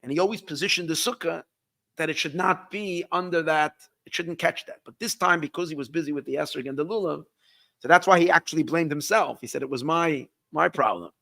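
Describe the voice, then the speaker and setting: A rabbi tells a story in a somewhat high, bright, forceful voice, starting over and repeating words as he goes. His voice is dry and close, and he drops Yiddish words into the telling. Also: creaky, no room sound. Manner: halting, repeats words and restarts often. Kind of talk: storytelling talk.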